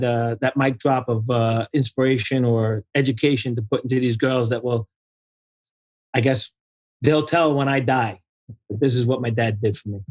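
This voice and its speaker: A man's voice: medium pitch, darkish tone, no echo, low-quality recording. A man in his forties, a retired firefighter who is a podcast guest, answering in a hesitant, thoughtful way. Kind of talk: casual interview answer.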